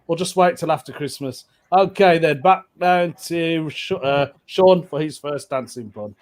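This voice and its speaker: A man with a high-pitched voice hosts a casual online pun contest. He is cheery and giggly, calling on each contestant in turn and reacting to their jokes. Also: unhurried. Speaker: host. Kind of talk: casual online comedy show.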